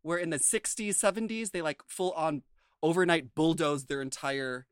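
A man's voice: on the high side, moderate pace, smooth, no echo, clean studio sound. A man co-hosting a casual recap podcast, rambling with lots of "like" and "um". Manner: rambling, full of fillers like "like" and "um". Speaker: podcast co-host.

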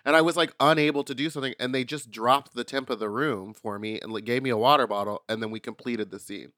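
Blunt bright-voiced man chatting. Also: mid-range voice, fast talker, no echo, clean studio sound. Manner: blunt, argumentative, swears casually. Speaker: podcast co-host. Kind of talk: casual chat recapping a reality show.

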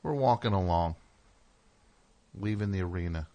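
A man's voice: deep voice, normal speed, warm tone, dull audio. A man hosting a radio show, telling a story in a casual, rambling way with wry asides in the studio.

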